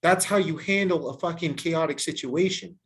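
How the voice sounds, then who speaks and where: A man hosting a podcast in casual chat, ranting with heavy swearing and animated emphasis. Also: fairly high pitch, normal speed. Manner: heavily profane, ranting and animated. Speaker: podcast host.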